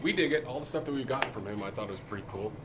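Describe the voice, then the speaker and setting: A man's voice: mid-range voice, lively intonation, very fast, a loud crowd. A man co-hosting a casual music shop Q&A, loose and joking, swearing casually. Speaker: co-host of a music shop Q&A show. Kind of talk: casual chat.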